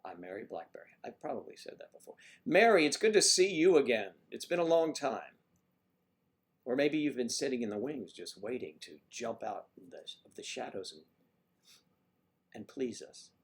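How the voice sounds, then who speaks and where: Man, livestream host, casual chat, playful, rambling, mid-pitched voice. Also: very animated, normal speed, breathy edge. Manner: playful, rambling, greets viewers by name.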